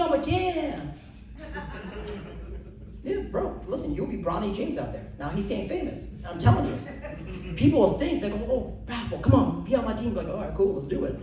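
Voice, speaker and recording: A man's voice: very animated, normal speed. A brash young male comedian working the crowd, his voice leaping up and down as he performs bits. He is caught from a distance on a comedy club stage. The room rings with heavy echo. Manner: brash, loud, swings pitch for bits. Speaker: stand-up comedian. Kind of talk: stand-up crowd work. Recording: echoey club from far off.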